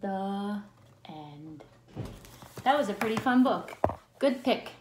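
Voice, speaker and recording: Woman teacher, picture-book read-aloud, slow and expressive, talks with the kids, echoey classroom. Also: medium pitch, noisy background. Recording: roomy echo.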